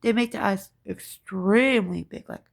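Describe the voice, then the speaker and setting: Gravelly, husky-voiced woman ranting. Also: mid-range voice, normal speed. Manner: profane, emphatic, repeats phrases and asks "right?". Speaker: spiritual vlogger. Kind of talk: ranting monologue to camera.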